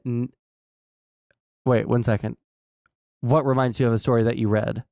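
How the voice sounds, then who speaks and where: A man's voice: mid-range voice, level tone, moderate pace, creaky, dark tone, dry recording, studio quality. A man streaming casual political commentary, rambling with fillers and wry asides.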